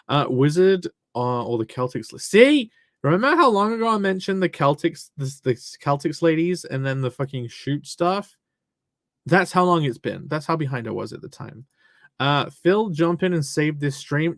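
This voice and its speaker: A man's voice: a little high, lively intonation, normal speed, creaky, no room sound, clean studio sound. A man chatting casually on a live stream, reading out viewer messages and joking around, swearing freely. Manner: rambling, jokey, swears freely.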